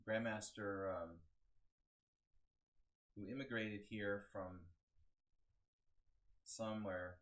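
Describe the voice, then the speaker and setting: A man's voice: on the low side, fairly even intonation, takes it slowly, long pauses, a bit bright. A man analyzing a chess game on a live stream, talking casually and thinking aloud with lots of fillers and restarts.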